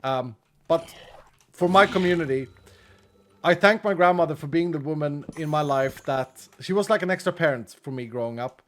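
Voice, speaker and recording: A man's voice: a little high, normal speed, a bit bright, slight background noise. Chatty rambling man streaming a game. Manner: chatty, rambling, laughs often. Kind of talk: casual gaming commentary.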